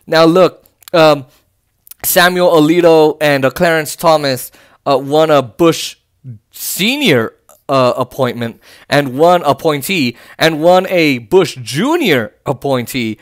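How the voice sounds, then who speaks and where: Offering laid-back political commentary, this man is animated and emphatic, doubling up words for emphasis and slipping in sarcastic, mocking remarks. He talks at a slow pace in a high-pitched voice.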